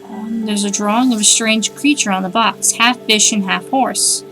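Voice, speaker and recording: A woman's voice: mid-range voice, steady tone, moderate pace, sharp tone, soft background music. A woman streaming a game, chatting wryly, thinking aloud and reading on-screen text. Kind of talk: casual let's-play commentary.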